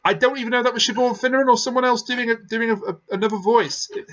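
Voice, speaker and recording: A podcast host leading a casual review chat, reacting quickly and expressively. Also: mid-range voice, fairly even intonation, fairly bright tone. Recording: dull lo-fi audio.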